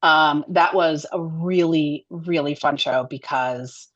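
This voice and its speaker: A woman who directs and produces children's television, chatting as an interview guest in a chatty, animated way with many fillers. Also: low-pitched, slow, dull audio. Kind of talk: casual interview chat.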